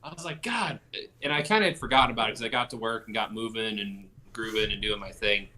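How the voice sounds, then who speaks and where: A man's voice: fairly low pitch, quick pace, sharp tone. A man co-hosting a casual podcast, rambling through stories, swearing freely and joking around. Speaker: podcast co-host. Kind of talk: casual chat.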